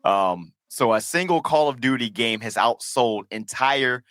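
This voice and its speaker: A middle-aged man hosting a podcast in casual chat, telling stories in an animated, profane way. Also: medium pitch, unhurried, clean tone, no room sound. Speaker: podcast host.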